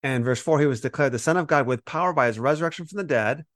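A man co-hosting a Bible study podcast, explaining scripture in a lively conversational teaching style and acting out the quoted voices. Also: on the high side, fast talker, no room sound, studio quality. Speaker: podcast co-host teaching on Romans.

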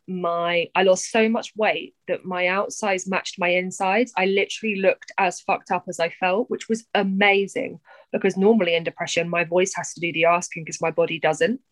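A young woman, a poet talking candidly as a podcast guest, animated, swearing freely and often pausing on fillers. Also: fairly low pitch, dry recording, rough recording. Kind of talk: candid conversational chat.

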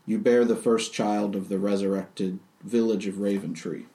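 A man voicing a grave, solemn old village elder in a tabletop game, speaking in a measured way. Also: fairly low pitch, steady tone, mellow, recorded from a distance, lightly acted. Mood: proud.

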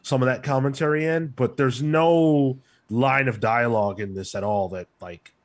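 Man, podcast co-host, casual chat, thoughtful, filler-heavy, mid-pitched. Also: normal speed. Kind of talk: casual comic book chat.

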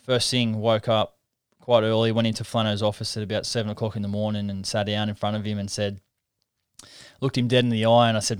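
A man's voice: lowish voice, level tone, brisk, smooth, dry recording, studio quality. A man, a guest in a casual interview, telling a story in a reflective, earnest way with many restarts. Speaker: interview guest, professional rugby league halfback.

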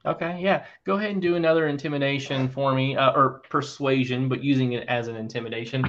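A man narrating as game master in a relaxed way, with lots of fillers. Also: medium pitch, quick pace, dull audio, slight background noise.

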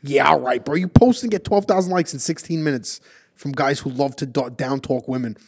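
A man chatting as a podcast guest, loud and excitable, full of crude banter. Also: mid-range voice, brisk, gravelly. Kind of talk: casual chat.

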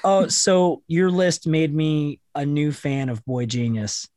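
A man's voice: fairly high pitch, lively intonation, takes it slowly, darkish tone, no room sound, clean studio sound. A man hosting a podcast who chats casually, swears freely and tells rambling anecdotes about his kids. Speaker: podcast host.

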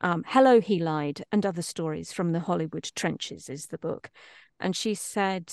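A woman's voice: lowish voice, normal speed, a little mellow, dry recording. Woman, middle-aged, casual chat, frequent restarts, dry. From Britain. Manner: chatty, self-deprecating, many restarts. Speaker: voice actress guest.

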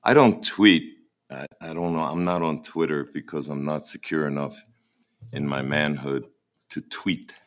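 Deep-voiced man preaching a sermon. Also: steady tone. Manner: halting, repeats words as he searches. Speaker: pastor.

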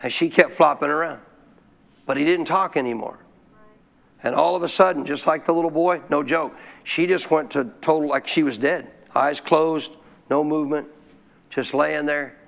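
A male pastor telling a story in a sermon, folksy and animated, often clearing his throat. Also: on the high side, normal speed.

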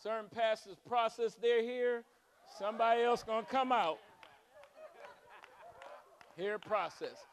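A man's voice: extremely high pitch, slow, long pauses, slight background noise. A man. He swings from fervent exhortation to playful, joking asides. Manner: preaching with rising fervor and humorous asides. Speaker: pastor. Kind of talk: sermon.

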